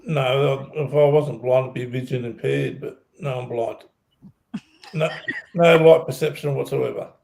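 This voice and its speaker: A man's voice: medium pitch, fairly even intonation, unhurried, creaky, darkish tone, low-quality recording. A man chatting on a live stream panel, speaking plainly and matter-of-factly. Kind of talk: casual chat.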